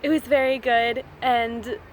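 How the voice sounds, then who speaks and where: A woman's voice: on the high side, steady tone, unhurried, a little hiss or hum. A woman telling a story in a casual vlog, chatty, laughing often, and acting out what others said. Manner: chatty, laughs often, acts out quoted lines. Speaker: short story writer.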